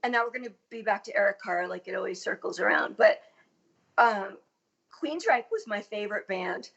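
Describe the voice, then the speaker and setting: A middle-aged woman from Massachusetts chats as a podcast guest. She is lively and talkative, and drops a casual swear now and then. Her pitch is average for a woman. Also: creaky, muffled recording. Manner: chatty, animated, swears casually. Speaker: guest, actress. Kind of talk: casual chat. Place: Los Angeles.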